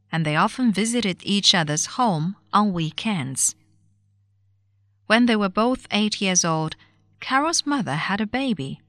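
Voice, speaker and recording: A woman narrating a short story for a language listening test, with clear, measured enunciation. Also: mid-range voice, a bit bright, no echo. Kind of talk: scripted reading for a language test.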